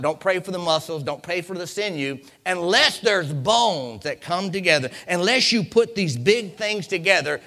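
A man preaching a dramatic sermon in a high voice. His pitch leaps and falls all the time, and the tone is bright and gravelly. He repeats phrases and swings between loud peaks and hushed lows.

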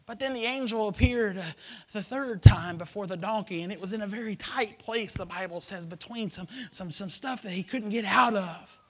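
A man preaching a sermon, acting out a story in character voices and swinging between shouted lines and hushed whispers. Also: sits high, moderate pace.

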